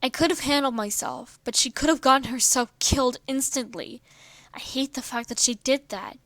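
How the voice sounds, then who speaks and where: A woman gives voice to an anxious teenage mutant turtle boy from a fan storybook, quiet and pleading, his devotion plain in every strained line. the sound is dry and close, with a fairly high voice. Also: moderate pace, dry recording.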